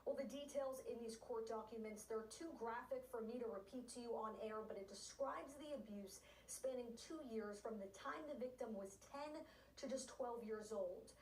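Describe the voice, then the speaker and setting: Woman reporter, broadcast news read, a touch high, echoey clip with faint hiss. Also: a little mellow. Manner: measured, reading out a report. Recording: roomy clip from a distance.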